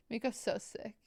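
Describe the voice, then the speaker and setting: A woman's voice: a little mellow, dry recording. A woman streamer chatting casually and jokingly with her live chat, thanking subscribers as she goes.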